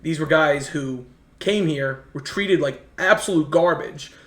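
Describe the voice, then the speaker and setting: A man's voice: fairly high pitch, measured pace. A man from the United States telling rambling, earnest travel stories in a casual chat. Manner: earnest, rambling anecdotes with many restarts. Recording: echoey room.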